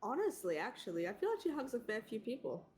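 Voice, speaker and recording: A woman's voice: on the high side, very animated, quick pace, darkish tone. A playful woman chatting and giggling her way through a tabletop game session. She rambles casually between jokes with the other players, and faint music plays underneath.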